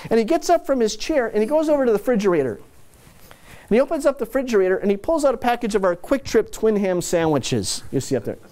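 Male keynote speaker, chatty storyteller, slightly high voice. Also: very animated, quick pace, a little mellow. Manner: conversational, anecdotal, self-deprecating asides. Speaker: corporate speaker.

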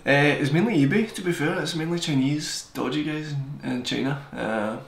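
A young man reviewing a gadget on camera in a fast, joking, rambling way. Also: fairly high pitch, creaky. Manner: fast-talking, joking, digressive. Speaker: tech reviewer. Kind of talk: casual rambling product review. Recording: echoey room, faint hiss.

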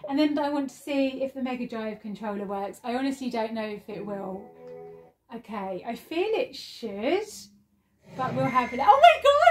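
A woman's voice: a little high, animated, normal speed. A woman vlogging an unboxing and playing a retro game at home, gushing, squealing and laughing often. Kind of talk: excited unboxing and gameplay chat. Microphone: phone.

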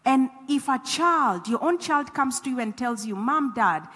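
A woman's voice: sits high, animated, unhurried, fairly bright tone, breathy edge. A woman preaching, earnest and exhorting, repeating phrases for emphasis. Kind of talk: church teaching on scripture. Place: church hall. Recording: echoey hall.

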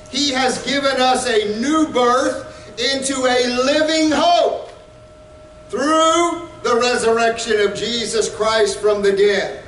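A man preaching a sermon as pastor, fervent and rising to shouts at times. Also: very high voice, steady tone, takes it slowly, reverberant, distant mic, slight background noise, low-quality recording.

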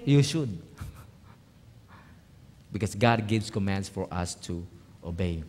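A man, a pastor telling a personal story in a sermon, swinging from hushed lines to loud emphatic ones. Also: deep voice, lively intonation, slow pace, pauses often. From Philippines. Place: church hall. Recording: reverberant church hall.

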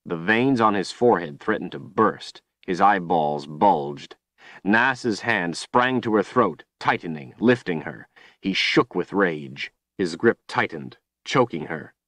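Low-voiced guy narrating a book, steady and grave, totally dry recording. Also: takes it slowly, no room sound. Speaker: audiobook narrator. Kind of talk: scripted narration.

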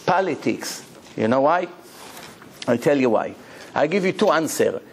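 Animated man giving a Torah lecture. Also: unhurried, gravelly, slight background noise. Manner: animated, acts out dialogue with big pitch swings. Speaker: rabbi.

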